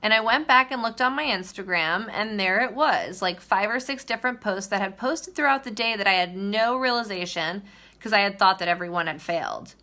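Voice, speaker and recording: A woman's voice: mid-range voice, fairly quick, sharp tone. A young woman telling a story in a casual livestream vlog, chatty and full of fillers. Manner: chatty, storytelling with many likes. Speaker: vlogger.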